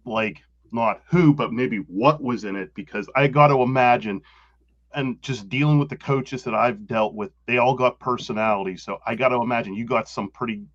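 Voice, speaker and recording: A man's voice: medium pitch, moderate pace, a bit bright, no echo. A man hosting a sports podcast, asking long, meandering questions in a casual tone. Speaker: podcast host. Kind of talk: casual chat. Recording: dry, dull lo-fi sound.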